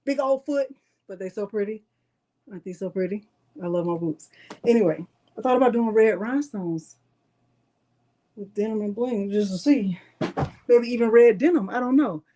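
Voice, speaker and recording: A woman's voice: medium pitch, moderate pace, pauses often. A middle-aged woman, hosting a live crafting tutorial in a chatty way and addressing viewers as y'all. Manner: chatty, warm toward viewers, says "y'all".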